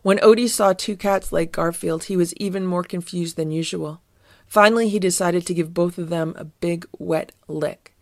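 Female storybook narrator, even read-aloud, gravelly, dry booth sound. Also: lowish voice, normal speed, no echo.

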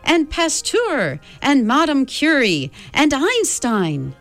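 An eager teenage boy, read by a woman, calling out answers in a high, emphatic voice. Each name rings out with growing confidence in this storybook telling. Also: huge pitch swings, takes it slowly, soft background music, exaggerated voice. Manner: eager listing, rising emphasis.

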